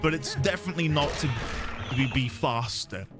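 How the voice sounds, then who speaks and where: A man's voice: medium pitch, lively intonation, moderate pace, over music. A man with a British accent chatting casually while streaming a game, rambling through explanations and amused at himself. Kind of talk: casual gameplay chat.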